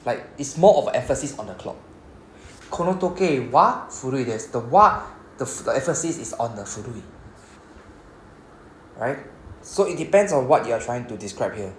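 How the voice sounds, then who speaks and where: A man's voice: medium pitch, big pitch swings, a little fast, slight background noise. A man with a Singaporean English accent, teaching a Japanese lesson in a classroom and explaining patiently, often checking in with the students. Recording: echoey classroom.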